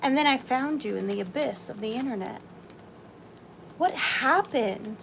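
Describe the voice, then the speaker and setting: A woman hosts a live-stream sale in a chatty, excitable way. Her voice sits on the higher side, and she takes her time between bursts of talk. Faint noise hums behind her. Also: measured pace, vocal fry, rough recording. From Southern US. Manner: chatty and excitable, talks to viewers by name.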